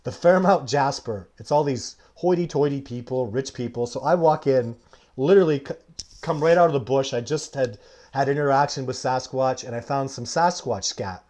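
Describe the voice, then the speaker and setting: A man hosting a live stream, talking in a loose, chatty way and breaking off mid-sentence to greet viewers by name. He tells his story animatedly and laughs often. His pitch sits in an ordinary middle range. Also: normal speed. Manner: animated anecdote telling with frequent laughter. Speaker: live show host.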